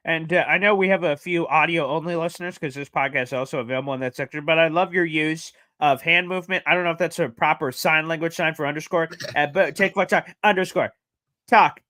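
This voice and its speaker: A man's voice: a little high, steady tone, fast talker, few pauses, bright, forceful tone, no echo. A man hosting a casual sports podcast, upbeat and slangy with hyped sign-offs. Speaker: podcast host.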